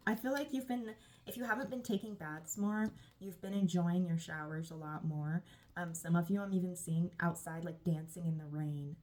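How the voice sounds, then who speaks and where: A woman's voice: on the low side, darkish tone. A woman giving a channeled tarot reading, affirming and gushing, with frequent sighs. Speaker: tarot reader.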